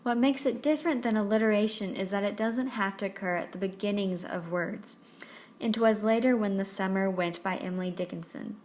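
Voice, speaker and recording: A woman narrating a scripted lesson on poetry, reading examples aloud slowly. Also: medium pitch, a little mellow, slight background noise.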